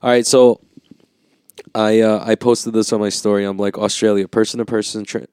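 A man's voice: fairly low pitch, dark tone, smooth, no echo, clean studio sound. A young man in casual, profane chat, telling stories and acting out other people's voices.

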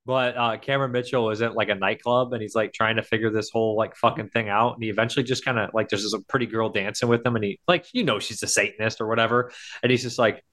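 A man's voice: fairly low pitch, steady tone, fast, a bit bright. A man co-hosting a casual podcast chat, rambling through stories with lots of laughter, swearing and acted-out quotes. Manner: rambling, laughing storyteller who acts out quotes; heavy swearing. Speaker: podcast co-host. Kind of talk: casual chat about cult horror films.

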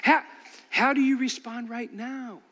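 A man delivers a sermon at an unhurried pace, his high voice rising to fervent calls and dropping to hushed intensity. His bright, clear tone rings out in a large church hall with a long reverb trailing each phrase. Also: fairly even intonation. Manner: impassioned, swings from loud exhortation to quiet intensity. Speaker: pastor.

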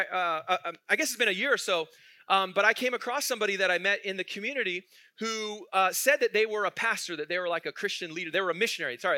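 A male pastor with a high-pitched, sharp voice preaches conversationally, putting questions to the congregation and chuckling as he tells his stories. The recording is studio quality with no room sound.

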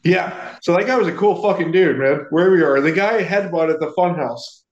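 High-voiced man telling a rowdy story. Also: brisk, reverberant, lo-fi sound. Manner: profane, animated storyteller. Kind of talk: casual podcast chat.

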